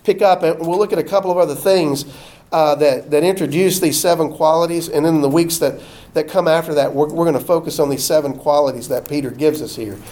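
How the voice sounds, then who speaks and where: A man preaching, his voice sitting high for a man. He is folksy and animated and acts out the lines of the people he quotes. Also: brisk. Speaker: pastor. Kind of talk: sermon.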